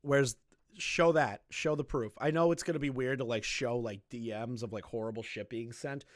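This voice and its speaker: A young man giving casual reaction commentary, rambling and repeating himself, swinging from loud remarks to low muttering. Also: normal speed, no echo, studio quality. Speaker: commentary streamer.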